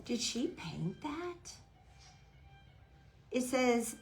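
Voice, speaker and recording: A woman hosting a live craft stream, chatting softly to viewers by name and gushing over the decorations. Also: mid-range voice, expressive, a little slow, soft background music, rough recording. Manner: hushed, half-whispering. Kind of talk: casual live-stream chat.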